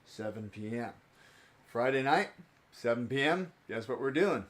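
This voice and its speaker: A man's voice: mid-range voice, lively intonation, a little slow. A young man chatting casually on his live stream as he opens card packs, rambling and joking about himself.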